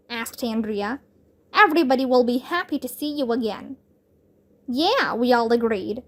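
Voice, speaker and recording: A woman whose first language is Vietnamese reading a children's chapter book aloud in a clear, lively storytelling manner. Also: on the high side, moderate pace. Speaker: reader.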